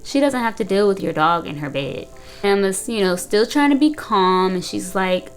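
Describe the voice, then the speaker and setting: A woman's voice: mid-range voice, animated, normal speed, soft background music. A young woman recapping and reacting to a reality show in casual chat, blunt and full of "like" and "you know". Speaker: reaction video host, counseling student.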